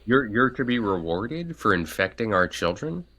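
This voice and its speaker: Middle-aged male podcast co-host, low gravelly voice, lively storyteller who pops into high voices for quotes. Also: moderate pace. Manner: animated, jumps high to act out quoted voices. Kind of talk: casual storytelling chat.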